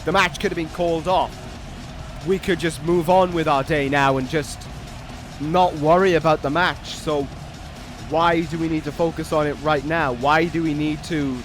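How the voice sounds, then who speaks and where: A high-voiced man calls a wrestling video game play-by-play, flipping from dry sarcasm to shouts of disbelief. He swears casually as he talks. Faint game music plays behind him. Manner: excitable, swings from dry sarcasm to stunned shouting.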